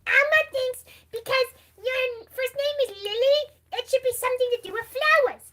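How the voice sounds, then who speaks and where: A woman's voice: very high-pitched, normal speed, pushed and bright, pitched above the performer's own voice. A woman voicing a small, mischievous red puppet monster who talks about himself in the third person. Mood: playful. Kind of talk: livestream character voice.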